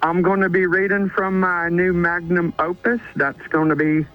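A man's voice: high voice, level tone, faint music behind, close to an everyday voice. A man putting on a rambling, folksy author. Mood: cheery. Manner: slow, rambling, filler-heavy delivery. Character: folksy self-promoting male author. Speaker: caller. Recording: muffled phone-in on radio.

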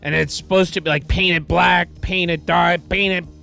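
A man hosting a college radio show from the studio, rambling through song credits and deadpan digressions with a wry, self-deprecating manner. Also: high voice, normal speed, creaky, soft background music. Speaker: radio DJ and host. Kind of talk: rambling casual radio DJ patter.

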